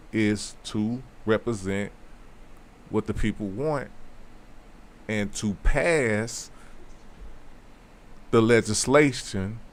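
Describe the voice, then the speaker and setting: Slow, emphatic man explaining. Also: mid-range voice, a bit bright. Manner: slow, emphatic, repeats key phrases; loose conversational asides. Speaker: host. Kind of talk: casual explainer talk.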